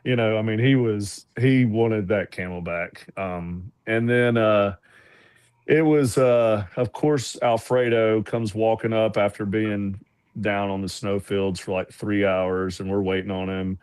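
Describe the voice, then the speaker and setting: Man, lower voice, dry sound, rambling casual talk. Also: steady tone, measured pace, a little mellow, clean tone, no echo. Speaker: climb team member. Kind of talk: casual chat.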